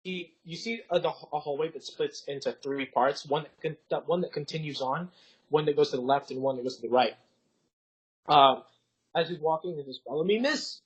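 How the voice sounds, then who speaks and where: A man's voice: on the high side, steady tone, moderate pace, breathy edge. A young man narrating as dungeon master, rambling through his scenes with lots of fillers. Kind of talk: narrating a tabletop game. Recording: dull lo-fi podcast audio.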